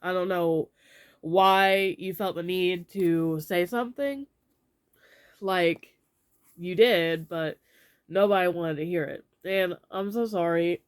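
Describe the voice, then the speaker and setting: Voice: mid-range voice, takes it slowly, smooth. A young adult vlogger sharing opinions in a casual, rambling way, with lots of fillers.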